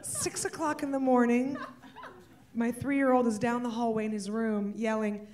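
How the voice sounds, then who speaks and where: A woman performing a stand-up comedy set, breaking into shouts and laughter. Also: fairly high pitch, fairly even intonation, normal speed, distant mic, noisy background. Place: stage before an audience.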